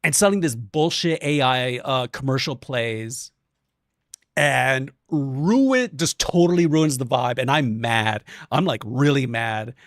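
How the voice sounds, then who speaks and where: A young man streaming, chatting casually and telling a story, animated and swearing, acting out quotes in different voices. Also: mid-range voice, slow pace, dry recording, studio quality.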